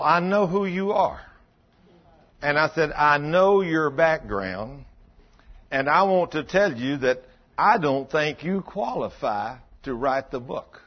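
Husky folksy preacher man, lo-fi. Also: a little high. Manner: folksy storytelling, quoting both sides of conversations. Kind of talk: sermon with acted-out dialogue.

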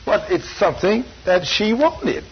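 A man's voice: high voice, sing-song, unhurried, background noise. An older man preaching a folksy sermon, plain-spoken and full of homespun stories. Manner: plain-spoken, storytelling, self-deprecating. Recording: dull lo-fi sound.

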